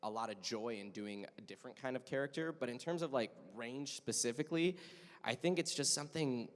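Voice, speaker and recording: A man's voice: medium pitch, a little fast. A young man chatting upbeat on a convention panel, laughing often. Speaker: voice actor panelist. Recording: long hall reverb.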